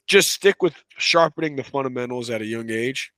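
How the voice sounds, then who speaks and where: A man in the middle range of pitch talks easily about coaching, loose and chatty, often tagging on "you know." The sound is dry and close, with no room around it. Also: a little fast, no echo. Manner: relaxed, chatty, many fillers like "you know" and "right". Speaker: wrestling coach, podcast guest. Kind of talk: casual conversational interview.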